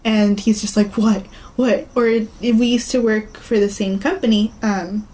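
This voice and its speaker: A woman's voice: medium pitch, fairly even intonation, normal speed, darkish tone, rough recording. A woman co-hosting a podcast in casual chat, laughing often and acting out the people she quotes. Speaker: podcast co-host.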